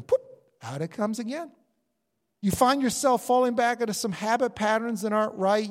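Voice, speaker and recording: Animated high-voiced male preacher. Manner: animated, acts out inner voices of believers. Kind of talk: sermon. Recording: long hall reverb.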